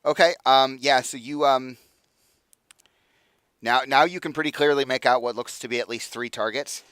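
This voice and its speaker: Smooth-voiced man running a tabletop game. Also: mid-range voice, moderate pace, fairly bright tone, no echo. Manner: loose, filler-heavy narration with many ums and likes. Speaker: dungeon master.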